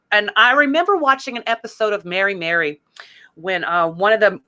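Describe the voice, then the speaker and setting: A woman's voice: mid-range voice, expressive, a little fast, pushed and bright. A woman hosting a ministry podcast, speaking candidly and emotionally about her faith in a conversational way. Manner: emotional, conversational, reads song lyrics aloud, fillers like "like". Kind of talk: candid personal faith talk.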